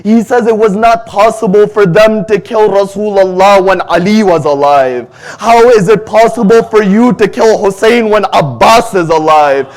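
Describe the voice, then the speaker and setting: A man's voice: high voice, moderate pace, few pauses. A man delivering a religious majlis sermon, telling the story with passion and quoting Arabic lines that he then translates. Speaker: majlis speaker.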